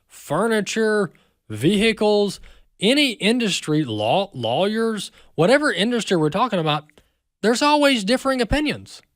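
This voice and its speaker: A man's voice: high voice, fairly bright tone, dry recording, studio quality. A man with an American accent hosting a talk radio show, speaking emphatically and repeating words as he builds his point.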